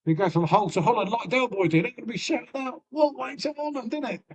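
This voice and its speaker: A man with a Lincolnshire accent chats loosely on his own live stream. His voice sits high for a man, and he rambles, swears and calls everyone mate. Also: expressive, fast, husky. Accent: Lincolnshire English. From Lincolnshire, England. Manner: banters with chat, swears freely, trails off; folksy, peppered with "mate" and "innit". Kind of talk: casual live-stream chat.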